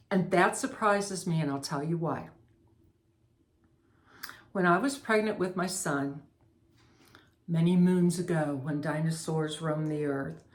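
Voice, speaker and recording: A middle-aged woman with a somewhat low voice talks through a candle haul in a relaxed, chatty way. She reads out scent notes and drifts into a personal story. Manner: chatty, unhurried, savoring each scent aloud. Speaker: candle reviewer. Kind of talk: casual product review and storytelling.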